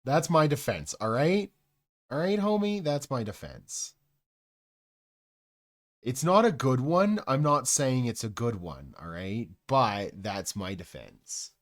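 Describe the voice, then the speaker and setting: A man's voice: medium pitch, very animated, slow pace. Joking male streamer, mumbles then bursts out. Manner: joking and rambling, jumping between mumbling asides and loud outbursts. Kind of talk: casual live-stream chat.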